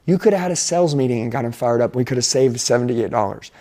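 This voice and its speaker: A man's voice: mid-range voice, animated, fast, dark tone. A middle-aged man giving an intense, emphatic motivational talk as a sales and life coach. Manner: intense, emphatic preaching delivery.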